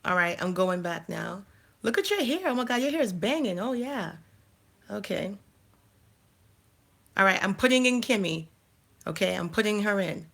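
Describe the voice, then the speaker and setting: A woman's voice: mid-range voice, lively intonation, moderate pace, creaky, long pauses, a bit bright. A woman hosting a casual live stream, chatting and thinking aloud while she fumbles through her channel settings. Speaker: life coach and channel host.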